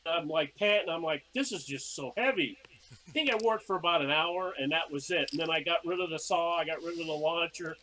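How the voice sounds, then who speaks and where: A man with a fairly high voice tells casual stories as a podcast guest. He is animated and slips into acting out his own past lines as he goes. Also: fast talker, hardly any pauses, low-quality recording. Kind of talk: casual storytelling.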